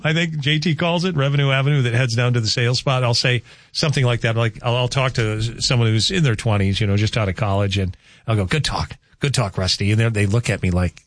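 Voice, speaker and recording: A man's voice: mid-range voice, dry recording, studio quality. A man hosting a morning radio show, talking in a rambling, chatty way and laughing easily. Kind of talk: casual radio chat. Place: radio studio.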